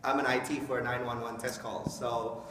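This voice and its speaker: Man, mid pitch, conversational speaker who acts out quotes; far off in a reverberant hall. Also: flat delivery, moderate pace, fairly bright tone, slight background noise. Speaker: speaker explaining Islam to an audience. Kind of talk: informal talk to a live audience. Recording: echoey hall from a distant mic.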